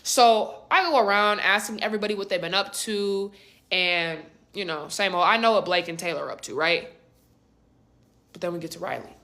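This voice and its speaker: A young woman telling a casual storytime in an animated, slangy, conversational way. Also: medium pitch, normal speed.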